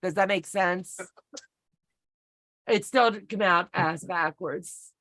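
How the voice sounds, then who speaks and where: A woman's voice: fairly low pitch, slow, fairly bright tone, no echo. Chatty folksy woman on a video call. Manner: chatty, folksy, self-deprecating storyteller. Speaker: co-host of a sewing pattern walk-through. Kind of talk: casual chat, rambling personal story. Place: home.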